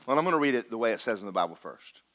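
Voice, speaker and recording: Pastor, male, folksy sermon delivery with jokes and drawn-out emphasis. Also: fairly low pitch, big pitch swings, fairly bright tone. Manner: preacherly, folksy and joking, slows for emphasis.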